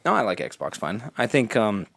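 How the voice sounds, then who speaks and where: A man with a low voice co-hosts a loose gaming podcast, rambling in an animated way and sometimes putting on quick voices. He swears casually. His voice sounds close and dry, with no room sound. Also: creaky, dry recording. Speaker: podcast co-host. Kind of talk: casual chat.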